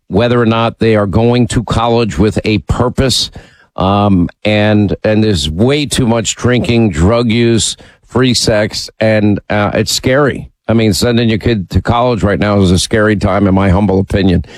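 A man's voice: on the low side, dry recording, low-quality recording. A man hosting a radio talk show, speaking emphatically and opinionated, teasing his callers. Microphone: studio mic.

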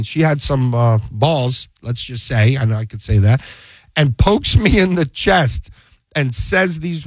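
A defense attorney with a medium-pitched voice tells a courtroom story during a casual interview, recorded with no room sound. He acts out the dialogue he quotes, restarts often and keeps checking that the listener is following.

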